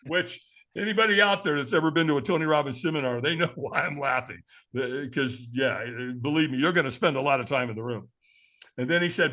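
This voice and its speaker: A man's voice: fairly high pitch, lively intonation, fast talker, pushed and bright. A man in his sixties, a podcast guest telling a story with animation, acting out the voices of the people he quotes and chuckling along.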